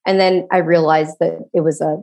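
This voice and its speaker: A woman's voice: deep voice, flat delivery, moderate pace, vocal fry, mellow. A woman co-hosting a podcast, telling a story in casual chat, acting out quoted voices. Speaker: podcast co-host.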